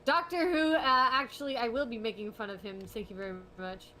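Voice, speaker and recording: A young woman rambles through a relaxed chat while she draws live on stream. She laughs a lot and drifts between lively talk and soft mumbling to herself, and a faint hiss sits under her voice. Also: on the high side, fairly quick. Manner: rambling, chatty, laughs often. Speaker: art streamer. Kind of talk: casual chat while drawing.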